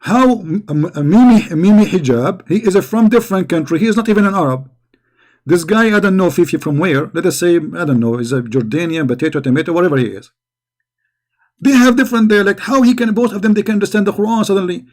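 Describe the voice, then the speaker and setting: A high-pitched man speaks in broken English, delivering a combative religious polemic to the camera. His tone stays mocking and confrontational, with frequent taunts and repeated challenges. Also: fast, a little mellow. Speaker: religious debater. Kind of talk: polemic commentary monologue.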